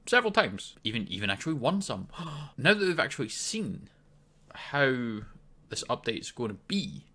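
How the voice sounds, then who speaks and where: A Scottish man talks through a video game update in an easy, rambling way, dropping in ums and restarting his sentences as he goes. His voice is bright and sharp-edged, pitched at an everyday middle level for a man. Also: big pitch swings, moderate pace, slightly rough. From Scotland. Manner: chatty, loose, frequent ums and restarts. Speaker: gaming video host. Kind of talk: casual game commentary to camera.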